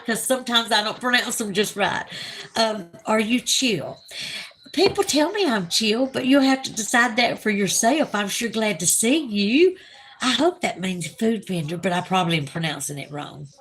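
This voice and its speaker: A woman's voice: medium pitch, a bit bright. A woman from Alabama with a Southern accent, chatting casually on a livestream and gushing over her viewers. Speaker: livestream host. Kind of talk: casual livestream chat reading viewer comments.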